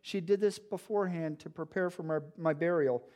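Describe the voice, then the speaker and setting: A man voicing a teacher who firmly defends a woman against critics, with a stern and pleading tone, in a high voice. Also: normal speed, darkish tone, lightly acted. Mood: firm rebuke.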